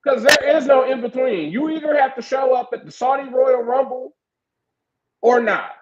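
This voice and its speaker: A man's voice: very high-pitched, moderate pace, highs cut off, over a noisy crowd. A man co-hosting a casual wrestling podcast, joking loosely and swearing casually. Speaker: podcast co-host.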